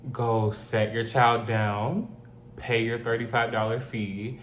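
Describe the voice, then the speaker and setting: A man's voice: mid-range voice, little pitch movement, slow. A man reading a story aloud and reacting to it in casual commentary, blunt and opinionated with joking asides. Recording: roomy echo, faint hum.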